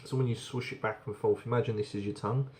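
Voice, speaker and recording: A man's voice: fairly low pitch, steady tone, fast talker, a little hiss or hum. A man casually reviewing a beer on camera, chatty and rambling, often repeating words as he goes.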